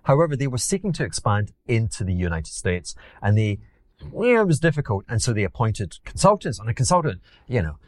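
A man's voice: mid-range voice, sing-song, brisk, no room sound. A Glaswegian man from Scotland, an investor guest telling stories in a casual interview, rambling with many repeats and restarts.

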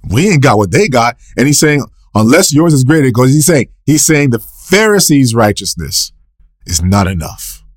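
A man's voice: big pitch swings, normal speed, no room sound, studio quality. Man preaching a questioning sermon. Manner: asks and answers his own questions, repeats scripture quotes; rises sharply in pitch and volume for emphasis. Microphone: recorded for a podcast.

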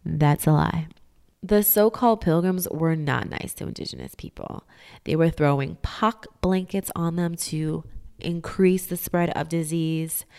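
A woman's voice: low-pitched, measured pace, vocal fry, mellow, clean tone. A woman casually explaining history myths, sarcastic and emphatic, with slang and whispered asides.

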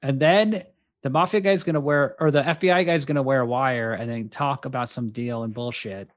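A man talking through a movie plot on a podcast with loose, animated energy, slipping into quick character voices as he goes. The sound is close and dry, with no room around it, and his pitch sits in an ordinary middle range. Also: no echo. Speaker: podcast co-host. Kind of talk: casual chat recapping a movie.

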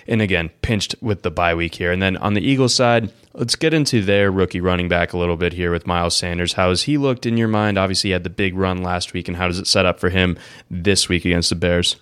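A man with a very deep, smooth, resonant voice hosts in relaxed sports chat. He steers the talk with short questions and easy fillers, and the sound is dry and close. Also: quick pace, dry recording. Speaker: fantasy football podcast host.

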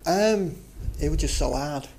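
A middle-aged man answering quick-fire questions as a guest, with short enthusiastic replies that often start with "uh". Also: fairly high pitch, lively intonation, creaky, a little mellow, slight background noise. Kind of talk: casual chat in a quick-fire interview.

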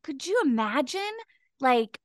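A woman's voice: high voice, animated, a little slow, dry recording, clean studio sound. A woman co-hosting a podcast, chatting casually in a teasing, giggly way. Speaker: podcast co-host. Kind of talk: casual chat.

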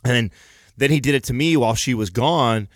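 A man's voice: medium pitch, brisk, no echo, studio quality. A man telling a long story in casual chat, rambling and swearing freely as he goes.

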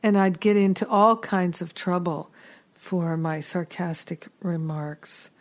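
A middle-aged woman hosting a reflective spiritual teaching talk, earnest and unhurried, with gentle self-deprecating asides. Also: fairly low pitch. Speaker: spiritual teacher and podcast host.

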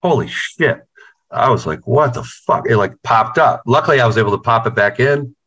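A man's voice: medium pitch, lively intonation, fairly quick, pushed and bright. A middle-aged man from New York, a band's guitarist, telling rambling, profane stories in casual chat over a video call. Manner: profane, rambling, repeats words. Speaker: guitarist in a band, interviewee.

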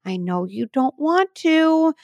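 A woman's voice: high voice, very animated, slow pace, darkish tone, no room sound, dull audio, pitched above the performer's own voice, heavily acted. A woman voicing a mommy toy truck in pretend play, firm but soothing. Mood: firm gentle.

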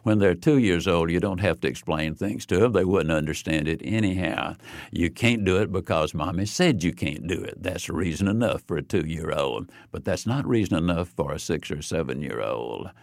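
Man, very low voice, gravelly, dry close sound, earnest parenting advice. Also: animated, normal speed, no room sound. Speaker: speaker on parenting.

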